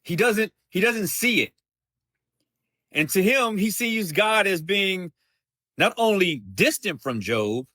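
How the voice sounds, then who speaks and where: A man hosting a live Bible study, reading scripture aloud and explaining it in a slow, deliberate way, often restating himself. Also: high-pitched, lively intonation, bright, forceful tone, dry recording, clean studio sound. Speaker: host of a Bible study show.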